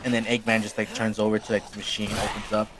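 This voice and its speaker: A man's voice: on the low side, monotone, quick pace, a crowd in the background. A young man hosting a gaming video, chatting casually and giggling while he rambles through a made-up story. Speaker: host.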